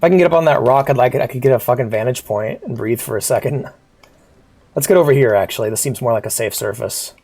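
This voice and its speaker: A streamer with a cough, chatting casually over live gameplay and shouting at the little on-screen character. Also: medium pitch, fast talker, husky. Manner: animated, yelps and shouts at the game character. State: sick, coughing. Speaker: VTuber game streamer.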